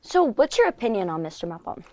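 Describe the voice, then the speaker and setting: A woman's voice: medium pitch, very animated, fast talker, warm tone, dry recording. A teenage girl hosting a school broadcast, chatting casually with a guest and filling her talk with "like". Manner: chatty, lots of "like" fillers. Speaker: student show host. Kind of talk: casual chat interview.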